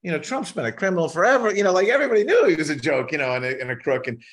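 A man's voice: fairly high pitch, rapid-fire. Wry middle-aged man telling stories. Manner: wry, animated anecdote-telling with mimicked quotes. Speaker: musician guest. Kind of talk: casual storytelling in a podcast interview.

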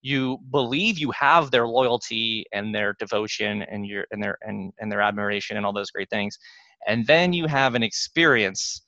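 A man's voice: on the low side, moderate pace, pushed and bright, no room sound. A man as an interview guest, explaining ideas in a rambling way with restarts and chuckles. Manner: rambling, many fillers and restarts, chuckles often. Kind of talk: interview conversation. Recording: dull lo-fi dry sound.

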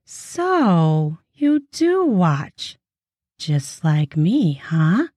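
A woman's voice: on the low side, expressive, a little slow, dark tone, dry recording, studio quality. Woman voicing a bold teasing older woman. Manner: sultry, teasing, hissing. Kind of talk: erotic audiobook reading.

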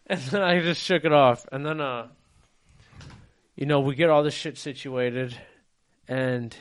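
A man tells a story on a podcast, lively and loose, acting out every line of dialogue as he goes. His voice sits in an everyday middle pitch, and he swears freely while he talks. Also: clear, resonant tone. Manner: animated storyteller, acts out quotes, swears freely. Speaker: podcast co-host. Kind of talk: casual storytelling chat.

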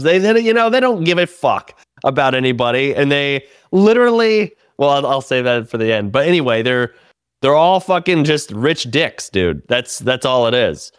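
A man, a comedian and podcast host, telling a story in casual chat, animated and full of swearing and restarts. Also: medium pitch, moderate pace, clear, resonant tone, no echo, studio quality.

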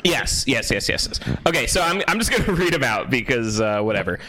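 A man's voice: mid-range voice, big pitch swings, brisk, bright, forceful tone. A man hosting a casual group chat, laughing often and stumbling through his lines. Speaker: podcast host.

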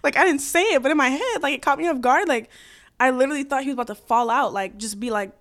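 A woman's voice: sits high, fast talker, fairly bright tone. A young woman hosting a podcast, telling a story in casual chat, giggling often and filling her speech with "like" and "um". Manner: chatty, giggly, heavy filler words. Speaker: podcast host.

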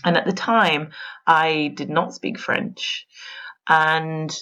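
A woman's voice: low-pitched, fairly even intonation, slow pace, bright, forceful tone. A woman from England, chatting as an interview guest, laughing often and using lots of fillers. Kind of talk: casual interview chat.

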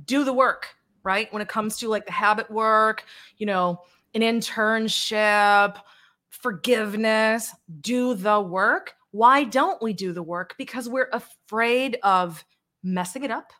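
A woman guest on a video-call interview, telling stories in a blunt, animated way with mild swearing. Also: fairly high pitch, slow pace. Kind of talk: casual interview chat.

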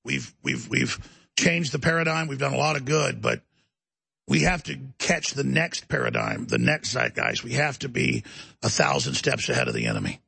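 A man's voice: mid-range voice, animated, moderate pace, gravelly, bright, forceful tone, husky, no room sound. A man hosting a talk show, delivering a heated, emphatic ranting monologue.

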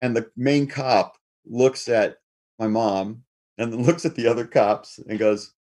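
A middle-aged man telling a personal story in a lively way, now and then putting on his family members' voices. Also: mid-range voice, measured pace. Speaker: guest storyteller.

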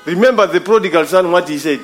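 A man's voice: sits high, quick pace, soft background music. A man preaching a sermon, emphatic and repetitive, calling his listeners brother. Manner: emphatic, repeats phrases, addresses listeners as brother.

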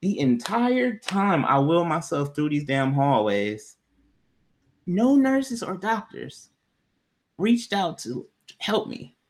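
A man's voice: fairly high pitch, very animated, takes it slowly. A man in casual conversation, telling a personal story in a candid, loose way with plenty of swearing.

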